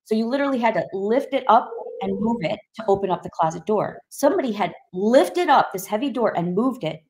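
A middle-aged woman sharing a personal testimony as an interview guest, telling her story in a lively, conversational way and acting out the voices in it. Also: medium pitch, a little fast.

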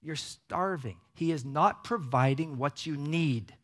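A preacher putting on a coaxing, friendly-sounding devil. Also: male voice, a little high, slow pace. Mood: insinuating. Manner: wheedling, persuasive, falsely caring. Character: smooth coaxing devil posing as a friend, male.

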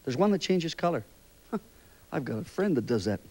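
An older man hosting a children's TV show, gently interviewing young kids in a chatty, rambling, fatherly way. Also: fairly high pitch, big pitch swings, brisk.

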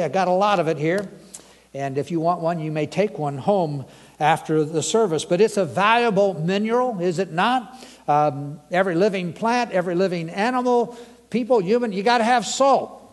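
Conversational pastor in a reverberant hall. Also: male voice, fairly high pitch. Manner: conversational, asks the congregation questions. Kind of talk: sermon. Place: church sanctuary.

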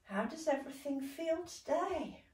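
A young British woman leading a gentle seated movement session. She laughs often and talks in an encouraging way. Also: high-pitched, expressive, moderate pace. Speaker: dance and movement workshop leader. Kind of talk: gentle guided exercise session. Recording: echoey room, voice from a distance.

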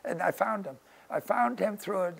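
A man's voice: sits high, normal speed, gravelly, slightly rough. An older man telling rambling stories in an interview in his studio, peppering his talk with "you know" and "you see". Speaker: interviewee, painter. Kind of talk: casual anecdotal storytelling.

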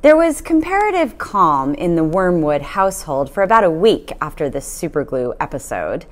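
A woman reading a children's novel aloud, with an expressive storytelling manner. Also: sits low, moderate pace. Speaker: storybook reader.

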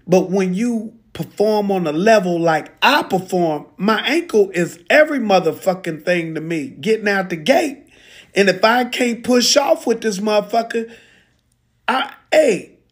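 A man playing a proud, defiant pro football player in a profane, indignant social media rant. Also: sits high. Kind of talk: comedic impression monologue.

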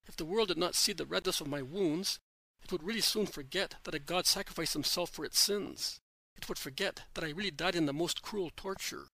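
A man reading the words of the risen Jesus in a slow, solemn devotional voice. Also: on the high side, vocal fry, bright, forceful tone, dry recording, full character voice, poor audio.

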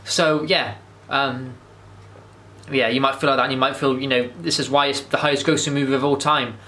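A man's voice: mid-range voice, steady tone, normal speed, bright, forceful tone. A man, rambling enthusiastically through a casual movie review monologue, with frequent restarts and swearing. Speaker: vlogger.

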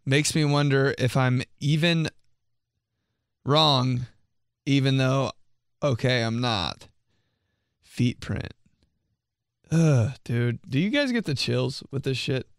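A man's voice: medium pitch, expressive, slow, smooth, no room sound, studio quality. A young man reading out viewer messages for a comedy vlog, mock-outraged and swearing, laughing often. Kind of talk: casual comedic commentary.

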